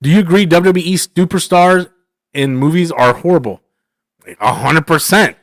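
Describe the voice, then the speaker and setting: A man's voice: fairly high pitch, moderate pace, no room sound. A man hosting a live stream, rambling casually through chat questions, slangy and full of "man" and "bro".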